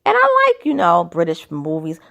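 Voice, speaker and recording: A woman's voice: fairly low pitch, wildly swooping pitch, normal speed, vocal fry, fairly bright tone. A woman talking through casual, opinionated commentary, asking skeptical rhetorical questions, her throat a little dry. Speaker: commentary vlogger.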